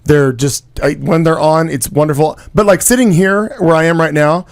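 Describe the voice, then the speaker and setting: A man co-hosting a podcast in casual chat, firing off quick teasing quips. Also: fairly high pitch. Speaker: podcast co-host.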